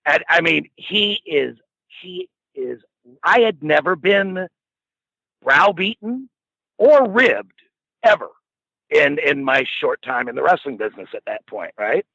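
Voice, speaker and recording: A man's voice: a little high, lively intonation, a little slow, creaky, sharp tone, breathy edge, no echo. A middle-aged man telling a rambling, profane anecdote in a casual way, often laughing as he goes. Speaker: storyteller guest. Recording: dull lo-fi dry recording.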